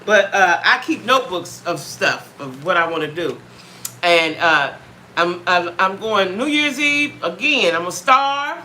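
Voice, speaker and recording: A chatty woman with a drawl, hosting a live stream from home on a phone or webcam. Her voice is very bright and forward, and she greets viewers by name and circles back over her own words. A faint hum of room noise sits under her. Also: on the low side, expressive, measured pace. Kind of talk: casual live-stream chat.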